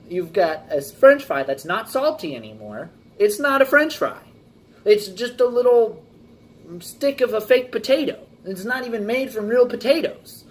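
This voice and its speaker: A man delivering a casual sermon in an animated, lively way, with his pitch jumping up when he acts out customers. He leans on repeated everyday examples and rhetorical questions. Faint noise sits behind his voice. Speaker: preacher.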